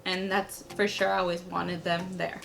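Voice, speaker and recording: A woman's voice: fairly low pitch, little pitch movement, normal speed, gravelly, a bit bright, soft background music. A young adult woman vlogger telling a personal story to camera in a casual, chatty way, leaning heavily on "like" as a filler.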